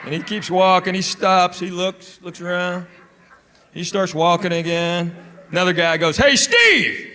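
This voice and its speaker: A man doing stand-up, telling a long story in a laid-back, deadpan way. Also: high-pitched, measured pace. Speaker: stand-up comedian.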